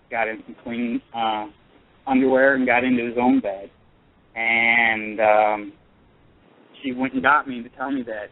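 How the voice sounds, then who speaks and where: A man calling in to a radio show, telling a personal story in an earnest, halting way with many pauses and restarts. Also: medium pitch. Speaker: caller. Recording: tinny phone line.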